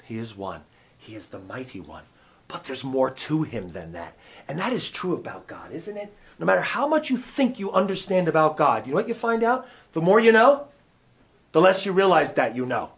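Male pastor, lively teaching-sermon delivery, a touch higher than most men, keeps asking the room questions. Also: moderate pace. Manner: animated, conversational, asks the audience questions. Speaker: pastor teaching a Bible class.

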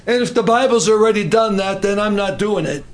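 A middle-aged man preaching a sermon in an animated way, acting out voices and breaking into shouts. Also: high-pitched, a little fast.

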